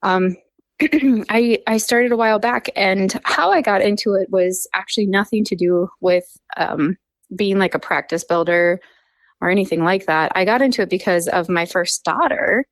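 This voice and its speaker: A woman's voice: medium pitch, moderate pace, dry recording. A woman in her thirties, a dentist guest on a podcast, telling a personal story in casual conversation and acting out what others said. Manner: chatty storytelling with lively acted quotes.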